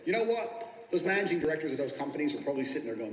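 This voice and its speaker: A man's voice: fairly high pitch, very animated, very fast. A man giving a brash, boastful, profanity-laced motivational talk about sales and getting rich. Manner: brash, boastful, swears constantly. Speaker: business coach teaching sales. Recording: echoey room with long reverb.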